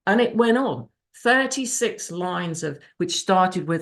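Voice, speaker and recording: A woman's voice: fairly low pitch, measured pace, hardly any pauses, fairly bright tone. A woman giving a raw, emotional personal testimony over a video call, swearing freely. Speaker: speaker sharing her recovery story. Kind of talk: personal testimony at a support meeting.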